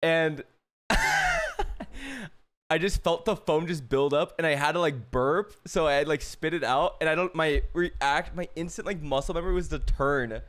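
A man's voice: fairly high pitch, moderate pace, fairly bright tone. A man in casual chat, rambling with many fillers in a laid-back way.

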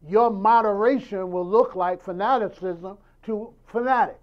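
A man's voice: high-pitched, unhurried, highs cut off. A man preaching a sermon in a conversational style, acting out dialogues and firing rhetorical questions.

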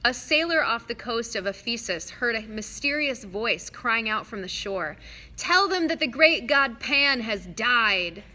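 A woman voicing an earnest, saddened young male satyr in a read-aloud story, speaking slowly at times. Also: on the high side, animated, sharp tone, exaggerated voice. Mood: earnest, sorrowful. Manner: sad, earnest, slow at times.

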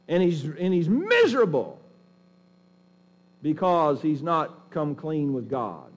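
Folksy, emphatic preacher man, slightly high voice. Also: sing-song, slow. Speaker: pastor. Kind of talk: sermon.

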